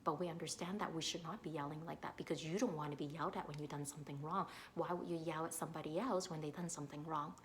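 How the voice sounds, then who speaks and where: A woman's voice: sits low, steady tone, fast talker, hardly any pauses, slight background noise. A woman who teaches young children, giving earnest advice in an informal talk, with many fillers and frequent checks that she is understood. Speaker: early childhood educator.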